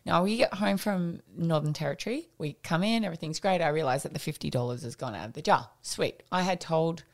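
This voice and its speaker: A middle-aged woman, co-hosting a podcast and telling an animated anecdote in casual chat. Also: sits low, a little fast. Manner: animated anecdote telling, acts out quoted voices. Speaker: podcast co-host.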